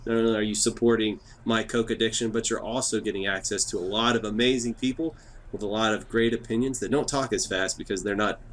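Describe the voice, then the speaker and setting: A man from Texas hosting a podcast, hyped up, fast-talking and joking. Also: fairly low pitch, steady tone, fairly bright tone. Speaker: podcast host. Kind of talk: casual chat.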